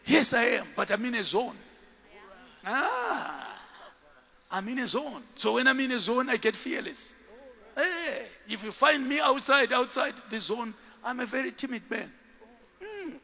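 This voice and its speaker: High, bright-voiced man preaching in a big hall. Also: unhurried, creaky. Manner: animated, call-and-response preaching with laughs. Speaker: bishop, preacher. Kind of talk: sermon. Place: large church hall. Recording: live church sound with long hall reverb.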